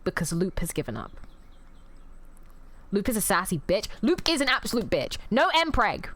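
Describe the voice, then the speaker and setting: A woman's voice: mid-range voice, very animated, moderate pace, fairly bright tone. A woman streamer rambling through emotional live commentary on a game, swearing freely and talking back to chat.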